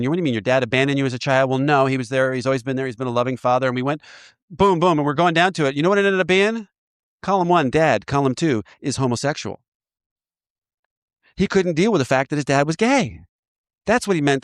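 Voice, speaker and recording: A man sponsoring in a recovery program, walking a listener through an inventory in a lively, joking way with frequent laughter. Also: medium pitch, no room sound, studio quality. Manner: animated, laughs often, acts out voices. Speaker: AA sponsor guiding a step inventory. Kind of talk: casual teaching talk.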